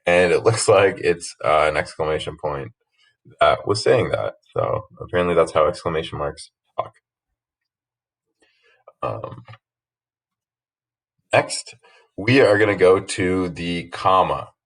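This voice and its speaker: A man with a very low voice talks through slides as a teacher. He reads each rule and example aloud slowly and patiently, then explains it in plain words, pausing often on "uh". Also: expressive, gravelly, a bit bright. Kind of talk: slide lesson narration.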